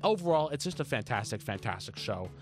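A man's voice: medium pitch, fast. A young man co-hosts a casual podcast. He rambles and restarts his sentences, and his voice rises and falls animatedly. Faint music plays underneath. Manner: rambling, restarts often, lively. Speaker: podcast co-host. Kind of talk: casual chat.

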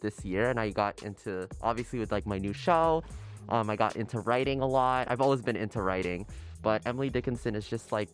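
A man's voice: lowish voice, brisk, faint music behind. A young man co-hosting a podcast, chatting casually in an upbeat way. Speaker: podcast co-host. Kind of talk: casual chat.

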